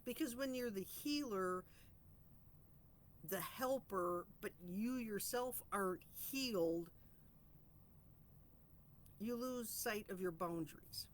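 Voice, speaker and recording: A woman talks through her week in a casual, reflective self-help chat. Her voice sits at an ordinary middle pitch, earnest and chatty, and she draws out key phrases. A faint hum of noise runs underneath. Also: slow, pauses often. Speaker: host of a weekly reflection vlog.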